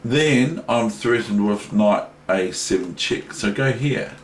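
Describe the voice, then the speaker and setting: In an echoey room with faint noise, a New Zealander analyses a chess game for a casual lesson, rambling chattily with many digressions. His voice is on the low side, expressive, and slow-paced.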